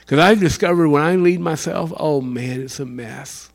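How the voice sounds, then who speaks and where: A man preaching a sermon in an animated way, acting out the voices of fans and worshippers. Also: fairly high pitch, normal speed, vocal fry, hardly any pauses. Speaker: pastor.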